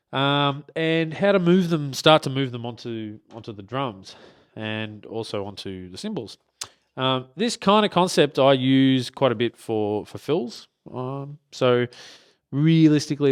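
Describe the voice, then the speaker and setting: A man giving a relaxed drum lesson beside his kit, with lots of fillers and restarts, often checking in with "okay?". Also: medium pitch, clean tone, dry recording, clean studio sound. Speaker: drum teacher. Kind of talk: casual spoken lesson.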